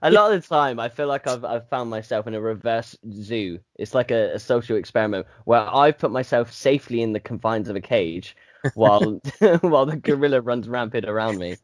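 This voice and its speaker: A man's voice: mid-range voice, expressive, fairly quick, no room sound. A man co-hosting a casual podcast, teasing his friend dryly and laughing along. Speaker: podcast co-host. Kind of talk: casual chat.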